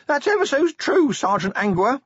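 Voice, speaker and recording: A man voicing a terrified young male watchman with a squeaky, strained, cowed voice. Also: big pitch swings, normal speed, dry recording, dull audio.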